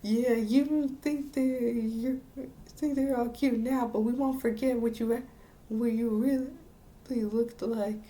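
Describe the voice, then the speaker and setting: A woman's voice: a little high, fairly even intonation, takes it slowly, warm tone. A woman doing a dismissive teenage schoolboy. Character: teenage boy classmate, dismissive and proud.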